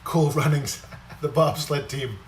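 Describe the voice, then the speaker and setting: A man's voice: mid-range voice, slow pace, a little hiss or hum. A man hosting a casual cooking live stream, chatting with viewers and greeting them by name, sometimes moving away from the mic as he cooks. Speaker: livestream cooking host.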